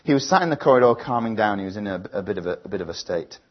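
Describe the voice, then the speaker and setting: Guy preaching, kinda husky, lowish voice, dull lo-fi sound. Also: animated, very fast. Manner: earnest, reflective storytelling with restarts. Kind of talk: sermon with a personal story.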